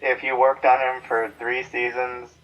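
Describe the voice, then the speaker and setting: A man's voice: mid-range voice, completely flat delivery, measured pace, a loud crowd, low-quality recording. A man co-hosting a podcast, talking casually and hesitantly, often repeating himself. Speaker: podcast co-host. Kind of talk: casual chat.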